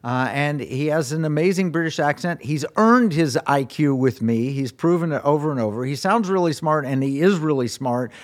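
A man's voice: fairly high pitch, expressive, normal speed, hardly any pauses. A man hosting a radio talk show, speaking with enthusiasm as he reads quotes aloud and introduces his guest.

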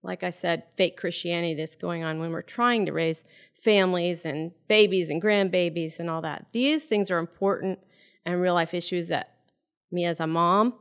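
A woman's voice: fairly low pitch, normal speed. Earnest middle-aged female co-host. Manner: earnest, conversational. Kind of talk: casual radio chat.

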